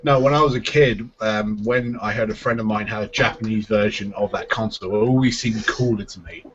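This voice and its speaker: A man's voice: fairly low pitch, steady tone, brisk. A man chatting casually as a podcast co-host, often hesitant and restarting his sentences. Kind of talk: casual chat. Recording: muffled lo-fi live stream audio.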